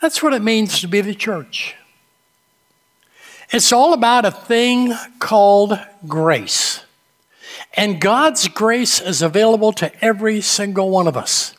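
Man, pastor type, preaching in a measured, unhurried storytelling manner, high-pitched, echoing sanctuary. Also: expressive, a bit bright. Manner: slow, storytelling delivery with dramatic pauses. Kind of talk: sermon. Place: church sanctuary. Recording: long reverb of a large sanctuary.

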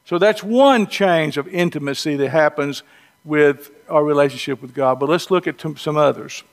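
Speaking at a moderate pace in a fairly high voice, this Southern preacher from North Georgia or North Alabama delivers his sermon like folksy storytelling, conversational and dotted with humorous asides.

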